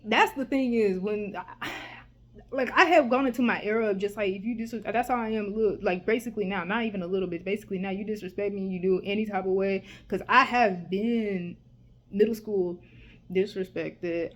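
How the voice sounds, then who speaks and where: A young woman tells a school story straight to camera in a casual vlog. She talks in a heated, animated way, full of fillers and swearing. Her voice sits at an ordinary middle pitch.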